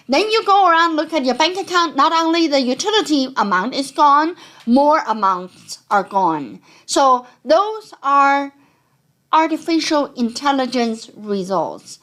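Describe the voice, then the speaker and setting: A woman accountant with a non-native accent, giving a conversational, animated talk to explain tax scams. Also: high-pitched, a little slow. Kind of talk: educational talk.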